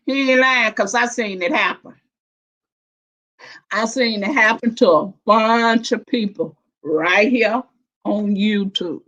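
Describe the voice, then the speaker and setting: Casual woman panelist, animated and laughing, slow-talking, slightly high voice, dull lo-fi stream audio. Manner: animated, laughing, Southern-inflected slang. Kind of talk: casual live stream chat.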